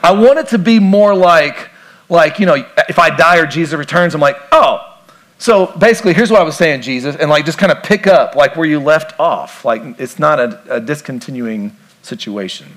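A man's voice: on the high side, normal speed, fairly bright tone. Chatty pastor quizzing his congregation. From grew up on a farm. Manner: conversational, asks the congregation questions, jokes. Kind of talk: sermon.

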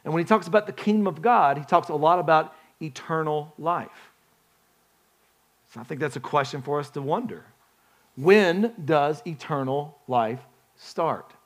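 Conversational male pastor, higher voice. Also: animated, moderate pace. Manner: conversational, asks the congregation questions, frequent restarts. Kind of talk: sermon.

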